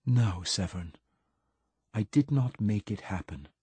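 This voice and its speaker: A cold, commanding older woman in power speaks barely above a whisper, each word measured and deliberate, as a male narrator puts her on. The voice sits low and husky. It is dry and close, with no room around it. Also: animated, no room sound. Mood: hushed. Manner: hushed, soft and measured. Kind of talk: audiobook character reading.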